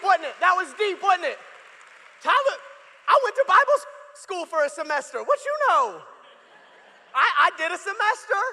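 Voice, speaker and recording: A man's voice: very high-pitched, sharp tone. A man preaching a sermon as a guest pastor in a church, joking with the crowd in a conversational way. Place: church sanctuary. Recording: long reverb of a large church hall.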